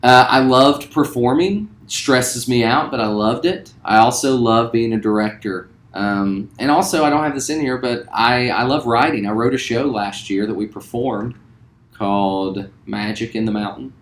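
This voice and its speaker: A man in his forties from West Virginia, a theater teacher introducing himself to students in a relaxed, friendly way with lots of ums. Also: mid-range voice, normal speed. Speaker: high school theater teacher. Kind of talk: recorded self-introduction to students. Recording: roomy echo.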